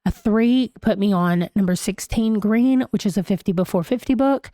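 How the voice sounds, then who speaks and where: Woman in her thirties, sick and strained, chatty book vlogger, middling pitch, dry close sound. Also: normal speed, warm tone, dry recording. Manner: chatty, gushing, Southern "y'all". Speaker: booktuber host. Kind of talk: casual reading vlog chat. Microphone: desk microphone.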